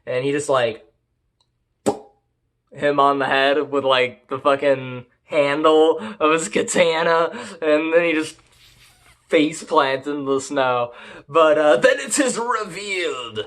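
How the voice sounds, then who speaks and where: A man's voice: on the high side, level tone, slow, long pauses, a bit bright. Crude, rambling young male reviewer. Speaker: anime reviewer. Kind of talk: casual profane recap.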